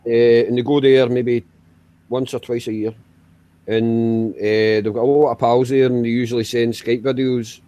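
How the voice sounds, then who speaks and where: Casting note: man, mid-pitched, easygoing, stumbles and restarts. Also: flat delivery, normal speed, warm tone. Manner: hesitant, repeats words, easygoing. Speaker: chat participant. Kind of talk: casual chat.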